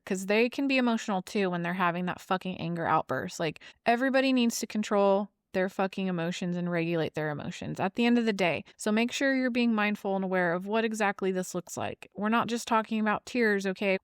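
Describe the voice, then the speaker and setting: Blunt, swearing woman with a smooth voice. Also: medium pitch, dry recording, clean studio sound. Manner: blunt, profane and emphatic. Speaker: podcast host. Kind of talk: casual monologue.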